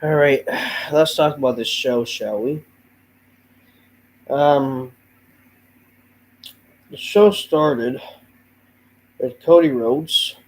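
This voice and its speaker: A man's voice: medium pitch, drawn-out words, long pauses, low-quality recording. Fed-up male host, under the weather, profane and sighing through his rant. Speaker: host of a wrestling review show. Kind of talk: ranting show review.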